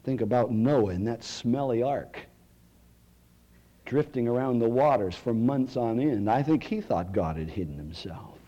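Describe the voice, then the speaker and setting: A male preacher, delivering a sermon with dramatic swings from loud cries to near-whispers. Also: mid-range voice, animated, measured pace, lo-fi sound.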